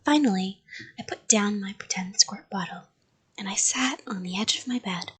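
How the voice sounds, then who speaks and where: A woman reading a children's story aloud in a soft whisper. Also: mid-range voice, moderate pace, husky.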